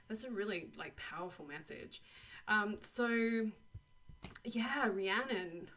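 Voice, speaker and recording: Bright, effusive young woman reading tarot. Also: mid-range voice, slow. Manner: effusive and encouraging, full of 'like' and 'you know'; laughs often. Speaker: tarot and oracle card reader. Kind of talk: casual monthly card reading to camera.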